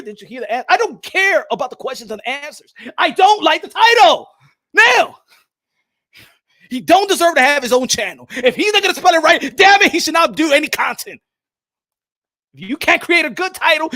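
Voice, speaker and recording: A man voicing an irate, petty male viewer who shouts and rants. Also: extremely high pitch, very animated, brisk, few pauses, dry recording, studio quality, pitched above the performer's own voice, full character voice. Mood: indignant ranting. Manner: shouting, ranting.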